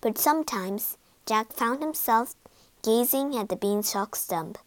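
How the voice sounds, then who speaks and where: A woman reading a children's fairy tale aloud with slow, expressive storybook narration. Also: on the high side, dry recording.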